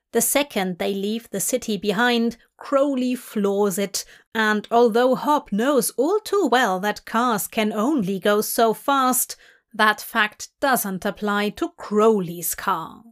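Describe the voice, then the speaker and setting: Slow-reading woman narrator. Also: medium pitch. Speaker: fanfic reader. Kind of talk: scripted storybook narration.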